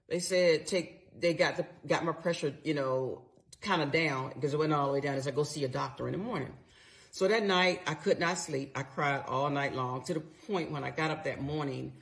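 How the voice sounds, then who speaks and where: A middle-aged woman with a gravelly voice full of vocal fry. She tells her personal story candidly and conversationally and swears freely as she acts out what she said. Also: low voice.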